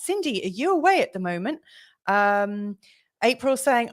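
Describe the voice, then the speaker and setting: A woman's voice: medium pitch, animated, fairly quick. A middle-aged woman hosting a live astrology show, chatting casually with many ums and apologies. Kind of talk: casual livestream chat.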